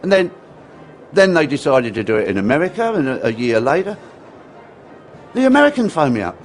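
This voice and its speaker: An Englishman in his sixties telling stories in an interview. His mid-pitched voice swings widely as he acts out old conversations and doubles back on his words. A faint background hum sits behind him. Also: a little fast. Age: 60s. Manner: animated, acts out quotes, repeats words. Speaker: interview guest, former dance teacher. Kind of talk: anecdotal storytelling in an interview.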